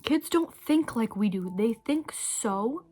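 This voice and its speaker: In a fairly high, expressive, slow and dark-toned voice, this young woman vlogger delivers a loose, reflective monologue to camera. She chews candy, becomes emotional, and at times sinks almost to a whisper.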